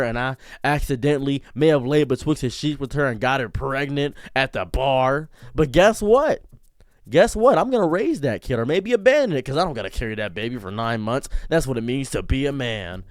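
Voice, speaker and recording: A man streamer delivering a sarcastic comedic rant in a mock-macho manner, swinging between booming lines and muttered asides. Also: clean tone, no room sound, clean studio sound. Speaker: streamer and commentator.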